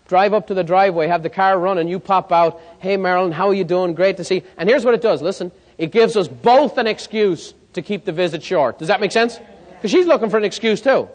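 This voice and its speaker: A man presenting a sales coaching seminar, telling stories and checking in with the audience. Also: high voice. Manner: lively storyteller, checks in with the audience. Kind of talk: live seminar talk. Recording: long hall reverb.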